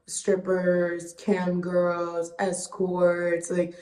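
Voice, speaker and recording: A woman's voice: lowish voice, monotone, extremely slow, a little mellow. A woman hosting a solo podcast, talking candidly and with lots of swearing, a little tipsy from wine. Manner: candid and profane, loose tangents. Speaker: podcast host. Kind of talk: casual solo podcast monologue. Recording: roomy echo.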